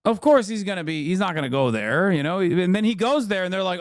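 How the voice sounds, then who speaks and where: A man's voice: sits high, animated, quick pace, dry recording, clean studio sound. A man streaming, reacting to a debate clip with profane, sarcastic commentary.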